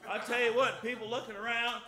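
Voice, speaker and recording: An older man preaching a fervent sermon in church, breaking into loud hallelujahs and softening when he reads scripture. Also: very high voice, little pitch movement, fairly quick, reverberant. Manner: fervent, shouting hallelujahs, drops soft for scripture. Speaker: guest preacher. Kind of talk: lively Easter sermon with scripture reading.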